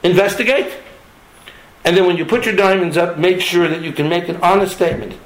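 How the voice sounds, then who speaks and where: A man's voice: high-pitched, brisk, roomy sound, rough recording. A man who runs a diamond trading network, making an impassioned, emphatic appeal to its members to stay honest.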